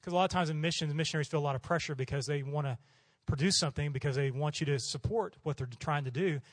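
Fast-talking animated male preacher. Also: on the high side, no room sound. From Oklahoma. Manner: animated, acts out voices in his stories. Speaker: missionary preacher. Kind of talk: storytelling sermon.

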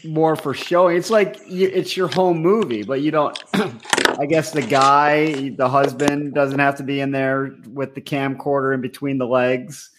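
A man's voice: mid-range voice, fairly even intonation, measured pace, slight background noise. A man co-hosting a casual podcast, cracking wry jokes in easy banter. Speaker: podcast co-host. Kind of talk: casual chat.

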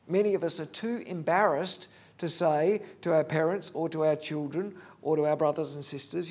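A man's voice: on the high side, fairly even intonation, moderate pace, hardly any pauses, a little mellow. A man preaching a sermon, earnest and candid, talking plainly to the congregation with fillers.

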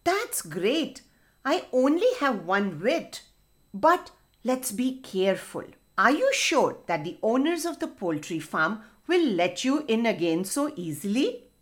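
A woman's voice: on the high side, very animated, takes it slowly. A woman voicing a wise old male hedgehog who talks cautiously and teasingly in a children's story. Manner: cautious, then mocking.

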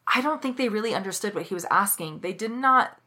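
A woman's voice: mid-range voice, expressive, fast talker, sharp tone, husky. A woman co-hosting a podcast, telling stories in casual chat and laughing easily. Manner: chatty storyteller, laughs easily. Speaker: podcast co-host.

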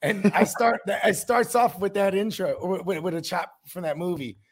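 A man's voice: high-pitched, normal speed. A man chatting casually as a podcast co-host, swearing freely and acting out movie scenes in put-on mobster voices. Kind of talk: casual chat.

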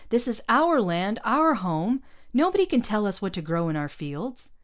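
A woman reading aloud, voicing an angry male colonist farmer who shouts his defiance in a raised, heated voice. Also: medium pitch, normal speed, voice pushed up, close to an everyday voice. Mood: defiant.

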